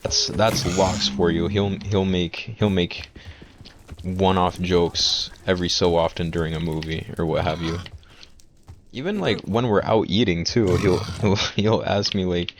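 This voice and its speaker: Deep-voiced young man telling a story. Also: fairly even intonation, measured pace, a little hiss or hum. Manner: rambling, many restarts and fillers. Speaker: vlogger. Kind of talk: casual storytime.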